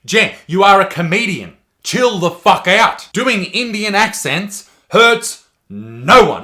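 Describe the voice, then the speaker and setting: A man's voice: high voice, pushed and bright. A man, a comedian giving profane, sarcastic ranting commentary.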